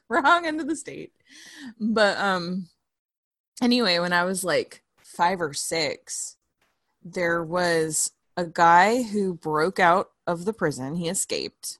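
Young co-host from southern California, easy laugh, lower pitch, dry room. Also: female voice, lively intonation, takes it slowly, fairly bright tone, no room sound. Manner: laughs often, casual storytelling. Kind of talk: casual chat.

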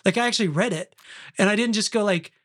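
A man in his thirties from Oklahoma, hosting a casual podcast chat and telling long rambling stories with many fillers and quick laughs. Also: high-pitched, fairly bright tone. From Oklahoma, USA. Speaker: podcast host.

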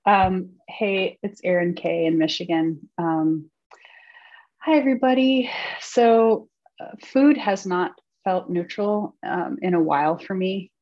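A lower-voiced woman shares candidly in a support-group meeting, speaking slowly and haltingly, with frequent "um" and "uh". Her audio sounds dull and muffled, like an online call. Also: expressive. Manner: halting, with many "um" and "uh" pauses. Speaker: meeting participant sharing.

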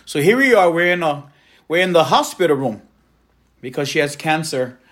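A man's voice: on the high side, sing-song, normal speed, fairly bright tone. A man from Hawaii, an evangelist telling his personal testimony in an earnest, heartfelt way.

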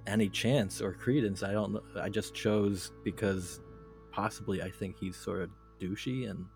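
A man's voice: fairly low pitch, steady tone, moderate pace, creaky, a little mellow, faint music behind. A man co-hosting a casual podcast, giving blunt opinions with frequent restarts. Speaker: podcast co-host.

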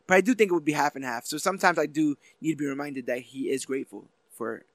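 Man, casual podcast chat, slightly high voice, dry close sound. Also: quick pace, a bit bright, no echo. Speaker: podcast co-host.

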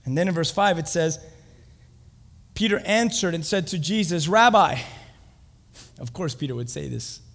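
A man preaching a sermon, animated, acting out scenes and asking the congregation questions, in a reverberant hall. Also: on the high side, normal speed, creaky.

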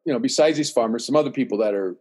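An older man tells a long, rambling story in casual chat, animatedly acting out what other people said and restarting often. His medium-pitched voice is slightly rough and rapid-fire.

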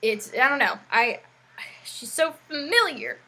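This is a woman co-hosting a casual conversation, her voice pitched a little high with a husky, breathy edge. She rambles freely and fills her sentences with "like" while she works out her thoughts. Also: animated, a little slow, bright, forceful tone, rough recording. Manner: chatty, rambling, with frequent "like" fillers. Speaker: podcast co-host and educator. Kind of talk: casual chat.

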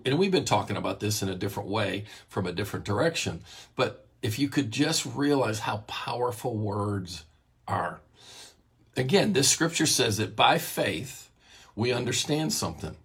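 A man teaching from the Bible in an earnest sermon style, his voice deeply husky and rough. He sounds like he has his morning voice and stops to cough now and then, circling back to repeat and restart his phrases.

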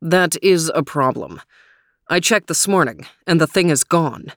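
A woman's voice: low voice, expressive, unhurried, no room sound, studio quality. A woman voicing a methodical male dog detective who reports his findings in formal, precise language. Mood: serious.

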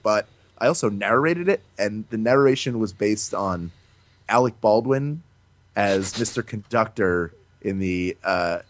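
Lively man telling stories, lowish voice. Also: unhurried. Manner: animated storyteller, breaks into playful voices. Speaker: voice actor guest. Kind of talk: casual interview chat.

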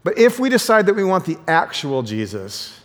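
A man preaching in a casual, conversational way, often tossing rhetorical questions to his listeners. His voice sits fairly high for a man. The sound trails off in the long reverb of a big hall. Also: big pitch swings, moderate pace, fairly bright tone. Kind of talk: sermon with scripture reading.

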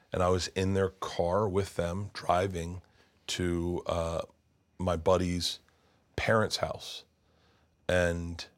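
Low-voiced man rambling through a story. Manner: rambling, animated, many restarts, acts out voices. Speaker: guest storyteller. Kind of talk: casual storytelling.

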